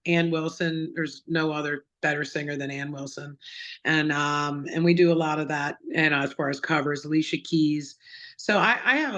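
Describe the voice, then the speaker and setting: A woman's voice: sits low, fairly bright tone. A middle-aged woman singer-songwriter, chatting as an interview guest, telling stories with lots of fillers. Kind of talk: casual interview chat.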